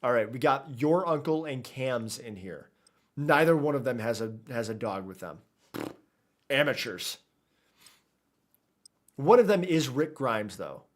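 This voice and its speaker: A man's voice: mid-range voice, lively intonation, a little slow, long pauses. A man streaming a video game, rambling casually to his chat while he plays. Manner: rambling, chatty, talks to chat while playing. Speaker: gaming streamer. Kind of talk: casual live gameplay commentary.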